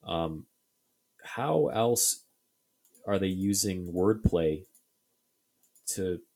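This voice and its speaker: Deep-voiced man, halting podcast chat. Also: darkish tone. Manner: halting, many fillers and restarts. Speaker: podcast co-host. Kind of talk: casual podcast discussion.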